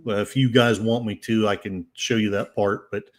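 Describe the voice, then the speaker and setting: Reading headlines aloud, this older male podcast host tacks on sarcastic, rambling remarks packed with fillers. He speaks at a normal speed in a steady tone, his voice on the low side.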